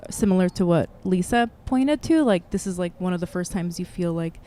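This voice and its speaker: A woman's voice: on the low side, expressive, brisk, dark tone. A woman hosting a podcast interview, talking casually with many fillers and encouraging her guests. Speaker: podcast host.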